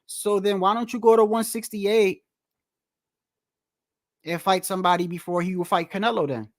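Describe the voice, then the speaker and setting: A man with a high, light voice rants about boxing straight to his viewers. He is heated and profane, circles back over the same words, and throws one rhetorical question after another. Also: steady tone, normal speed. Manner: profane, slangy. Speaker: boxing commentator. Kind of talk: casual rant to the audience.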